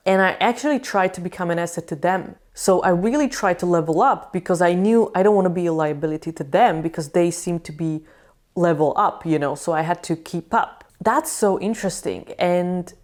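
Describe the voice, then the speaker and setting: A woman talking to camera, giving blunt advice and acting out friends' replies with lively changes of voice. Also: on the low side, fairly quick. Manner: blunt, animated, acts out quoted friends. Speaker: video creator. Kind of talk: casual advice talk to camera.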